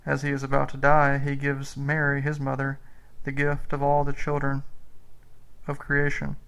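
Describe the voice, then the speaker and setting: A man guides listeners through a spoken rosary meditation in a slow, earnest and reflective way. His voice stays very flat in pitch and carries a gravelly fry. He sits at an average pitch for a man. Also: low-quality recording. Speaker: preacher leading a rosary meditation.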